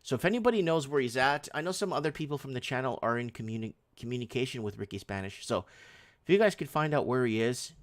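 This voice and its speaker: A man's voice: mid-range voice, animated, fast, no echo. A man hosting a casual live stream, rambling and sarcastic, reading headlines and chat messages aloud with many restarts.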